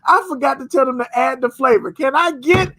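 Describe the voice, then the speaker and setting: A man with a strikingly high voice co-hosts a casual podcast chat. He rants in an animated, profane, storytelling way. The sound is close and dry, with no room around it. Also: fairly quick, dry recording. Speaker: podcast co-host.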